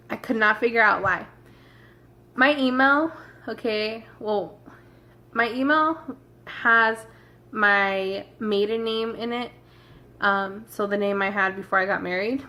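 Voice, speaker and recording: A young woman telling a storytime vlog in a chatty, rushed way, talking straight to her viewers. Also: a little high, sharp tone. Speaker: vlogger.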